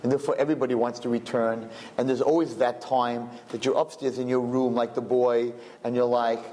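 A man's voice: mid-range voice, fairly quick, hardly any pauses, slight background noise. A middle-aged man giving a sermon as a rabbi, telling stories with jokes and acting out voices. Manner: animated, joking, acts out voices.

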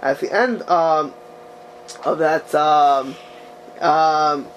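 A man teaching a religious text class, reading passages aloud and asking the students rhetorical questions in an animated way. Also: on the high side, extremely slow, slight background noise. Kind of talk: text-study lecture to a class.

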